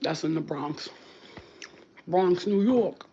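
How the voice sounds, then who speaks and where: A woman's voice: lowish voice, takes it slowly, mellow, dull audio, a little hiss or hum. A woman talking casually and earnestly into her phone, speaking straight to spirits and repeating her blessings with emphasis. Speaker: spiritual healer vlogger. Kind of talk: casual spoken message to spirits.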